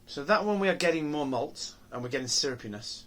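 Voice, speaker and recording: A man's voice: fairly high pitch, expressive, fast, a bit bright. A man reviewing beer on his own channel, talking casually and musing aloud with many ums, restarts and rhetorical questions.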